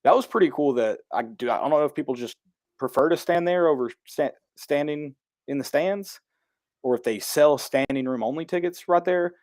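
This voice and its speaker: A man's voice: fairly high pitch, moderate pace, dry recording, clean studio sound. Rambling man talking college football. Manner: rambling, self-interrupting, flat delivery he jokes about. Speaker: podcast co-host. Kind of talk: casual sports chat.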